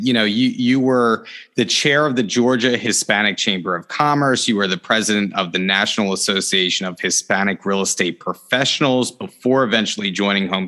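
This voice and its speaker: Male host, lowish, bright and forceful tone, asks questions. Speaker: interview host. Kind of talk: interview questions.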